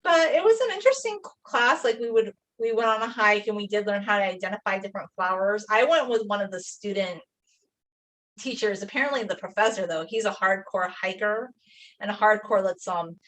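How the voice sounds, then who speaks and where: Her voice is medium in pitch, fairly quick, a bit bright, and lively in intonation. She's a young woman painting on a live stream, casually rambling through a story peppered with "like," and she's positioned somewhat far from the mic.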